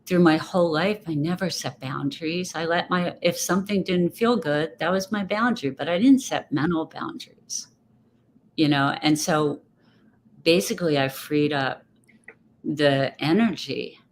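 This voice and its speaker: Low-voiced woman, reflective and rambling. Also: normal speed. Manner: rambling, reflective, restarts thoughts. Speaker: guest speaker. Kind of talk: casual interview chat. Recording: faint background noise.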